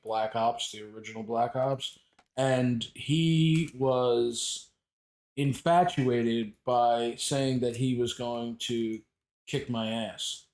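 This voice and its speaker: A man chatting casually with friends, telling a story and acting out the quoted lines. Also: medium pitch. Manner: animated retelling, acts out quoted dialogue. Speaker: streamer telling a story in group voice chat.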